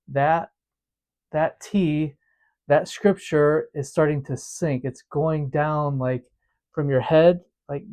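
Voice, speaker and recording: A man's voice: a little high, a little mellow. A man teaching a devotional method in a casual, earnest way, often repeating words as he explains.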